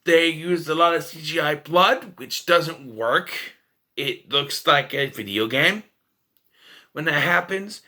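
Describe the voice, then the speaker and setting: A man's voice: on the high side, slow pace, bright, forceful tone. A man casually ranting about a film as a reviewer, profane and sarcastic. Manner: ranting, profane, jumps into mocking voices.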